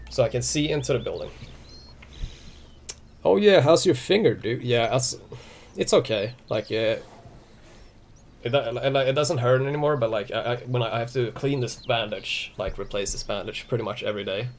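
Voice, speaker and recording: A man's voice: mid-range voice, gravelly, slight background noise. A young man chatting casually on a live stream, rambling with many restarts and fillers and swearing freely.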